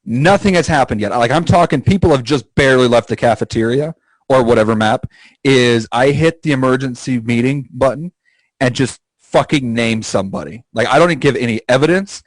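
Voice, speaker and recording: Man, podcast co-host, casual storytelling, cursing, mid pitch, dry close mic. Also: fairly quick, no room sound, rough recording. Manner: animated storyteller, jumps into high silly voices for quoted people; swears freely, laughs at his own stories. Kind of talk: casual chat.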